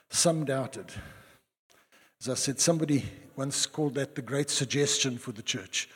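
A man preaching a sermon to a congregation, animated and joking with his listeners. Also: mid-range voice, moderate pace, husky. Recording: long hall reverb.

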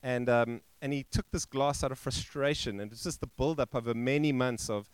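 A male pastor telling a story in a sermon, halting and restarting, and acting out the quoted voices. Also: mid-range voice, steady tone, smooth, dry recording. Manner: halting, with frequent restarts and fillers. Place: church.

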